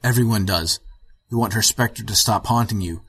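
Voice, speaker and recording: A man reading aloud voices a weary aging male physicist who speaks in a flat, rough way. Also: lowish voice, moderate pace.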